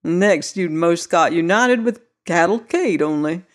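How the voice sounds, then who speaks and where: A reader voicing a young Southern cowboy who teases an old man with gentle, straight-faced mock concern. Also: medium pitch, unhurried, close to an everyday voice. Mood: teasing. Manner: gentle, solicitous, deadpan teasing. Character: young Southern cowboy, twenty-four, teasing with mock gravity. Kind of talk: audiobook character voice.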